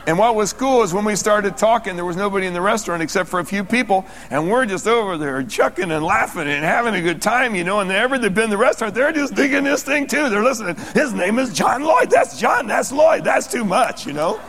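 Animated pastor preaching in a reverberant hall. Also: male voice, high-pitched, fast talker, gravelly, few pauses. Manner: animated storytelling, rising excitedly and retelling dialogue. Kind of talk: sermon. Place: church sanctuary. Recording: long reverb of a church hall.

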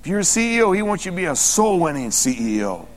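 A man preaching as a pastor, telling a story animatedly and acting out the dialogue as his excitement builds. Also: high voice, quick pace. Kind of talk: sermon. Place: church sanctuary. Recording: long reverb of a church hall.

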